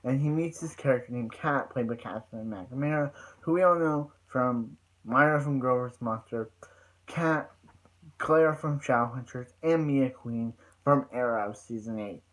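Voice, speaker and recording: A man's voice: mid-range voice, measured pace, fairly bright tone, rough recording. A man recapping a TV episode in a loose, rambling way, stumbling over restarts and repeating "so yeah" between points. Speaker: TV episode reviewer.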